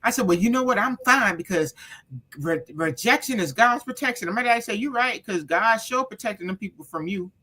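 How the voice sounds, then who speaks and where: A woman's voice: medium pitch, brisk. A woman, an author guest, telling family stories in casual chat and acting out the quotes. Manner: animated storyteller, acts out quotes.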